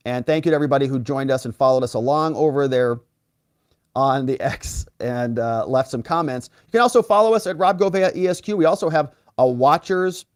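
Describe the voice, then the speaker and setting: A man hosting a live legal commentary stream, reading out viewer comments and giving sarcastic, animated asides. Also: medium pitch, brisk, dry recording, clean studio sound. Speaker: lawyer and livestream host.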